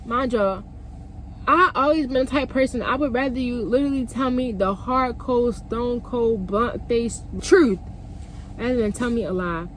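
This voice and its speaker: A young woman vlogger telling a story in a lively, emphatic, profane way. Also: fairly high pitch, normal speed, slight background noise. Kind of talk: storytime vlog.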